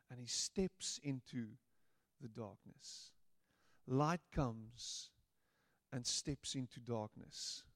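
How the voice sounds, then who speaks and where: A man preaching a sermon, playful and animated, slipping into little voices to act out quotes. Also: mid-range voice, no room sound, studio quality. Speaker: pastor.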